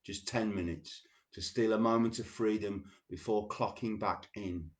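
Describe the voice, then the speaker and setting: A man hosting a show, reading poems slowly and deliberately and chatting loosely between them. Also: on the low side, fairly even intonation. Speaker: radio show host. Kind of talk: poetry reading with casual asides.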